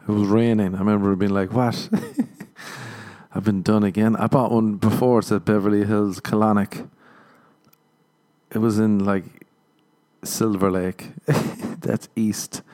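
Irish male podcaster, lowish voice, loose self-mocking comic rambling. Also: a little mellow. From Ireland. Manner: rambling, self-mocking storytelling with acted-out dialogue. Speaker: podcast host. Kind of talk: comedic solo podcast monologue.

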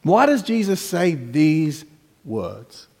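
A man's voice: sing-song, slow, creaky. Preaching man in an echoing hall. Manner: dramatic swings between soft, low asides and raised emphatic lines. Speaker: pastor. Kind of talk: sermon. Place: church hall. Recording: church hall with long reverb.

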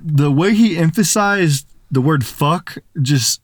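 A young man telling a story as a podcast guest, animated and full of "like" fillers. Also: a little high, slow, few pauses, a little hiss or hum. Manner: animated, filler-heavy retelling with lots of "like". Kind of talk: casual storytelling.

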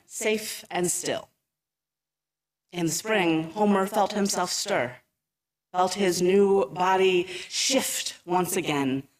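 A woman reading a children's story aloud in a slow, deliberate way. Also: fairly low pitch.

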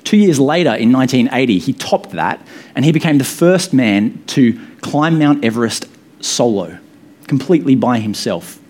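A man's voice: mid-range voice, lively intonation, normal speed, darkish tone. A man in his thirties, a pastor, giving a sermon in a casual, good-humoured way with many fillers. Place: church hall with echo.

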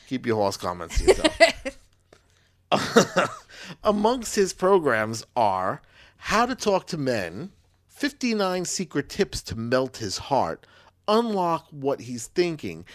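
A man's voice: mid-range voice, wildly swooping pitch, slow. A man co-hosting a casual podcast, joking sarcastically and reading out notes. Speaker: podcast co-host.

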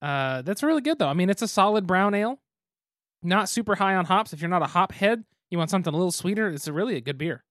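A man hosting a board game podcast in a relaxed, chatty way, talking into a mic on a stand. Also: high voice, fast, no echo, clean studio sound. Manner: relaxed, chatty, laughs easily. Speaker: podcast host. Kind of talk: casual chat.

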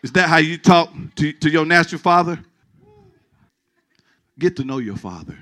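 With a slightly high voice at normal speed, a middle-aged man preaches as pastor. He is animated and emphatic, often restarting or repeating words, and trades jokes with the congregation.

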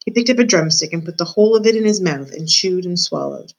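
A woman's voice: deep voice, fairly quick, few pauses, poor audio. Woman reading a storybook aloud. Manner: expressive, addresses the listener directly. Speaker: teacher reading to students. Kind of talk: storybook read-aloud narration.

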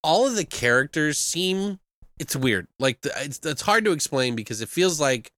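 A man's voice: a little high, lively intonation, moderate pace, fairly bright tone, no room sound. A man in casual chat as a podcast host, rambling with lots of fillers and swearing. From United States. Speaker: podcast host reviewing films.

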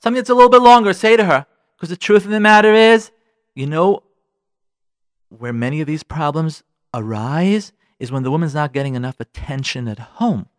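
A man's voice: a little high, lively intonation, normal speed, dry recording, studio quality. A man hosting a radio advice show, talking frankly and getting worked up as he addresses listeners directly. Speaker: radio show host giving marriage advice. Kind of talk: animated advice talk.

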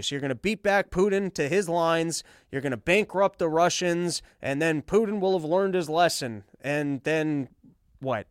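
A man's voice: on the high side, clear, resonant tone, no room sound, clean studio sound. A man hosting a podcast, giving casual, rambling political commentary and sarcastically mocking others in put-on quotes. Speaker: podcast host.

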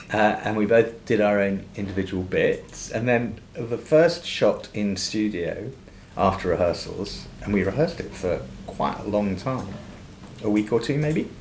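An older man, an actor guest, telling anecdotes in a podcast interview, laughing often and acting out quoted voices. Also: fairly low pitch. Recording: echoey room with faint noise.

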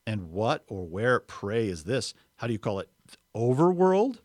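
A man reading a story aloud, voicing a soft, coaxing, half-mocking witch queen in a sweet, quiet voice. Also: on the low side, normal speed, no room sound, studio quality, close to an everyday voice.

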